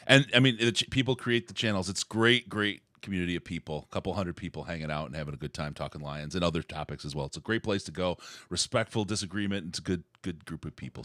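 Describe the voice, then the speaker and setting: A man hosting a sports podcast in a casual, jokey, upbeat way, pitching the show's community between topics. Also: a bit bright, no echo, studio quality. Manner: jokey, upbeat, plugs the show. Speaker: podcast host.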